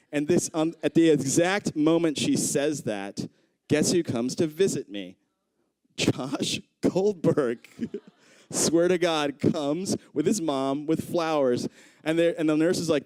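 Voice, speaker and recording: Young guy doing stand-up, storytelling, does all the voices, a bit higher voice, close dry mic. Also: unhurried, smooth, no echo. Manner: animated, acts out voices of people in his story. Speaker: stand-up comedian. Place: comedy club stage.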